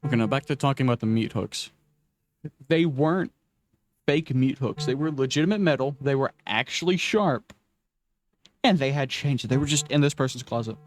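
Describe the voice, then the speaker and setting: A gaming vlogger, a young man with a mid-range voice and moderate pace, rambles and curses casually over his game. He's self-deprecating and frequently starts his sentences over.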